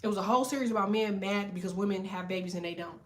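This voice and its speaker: A woman tarot reader ranting to camera in a blunt, profane, animated way while telling a story. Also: mid-range voice, rapid-fire. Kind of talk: casual tarot rant to camera.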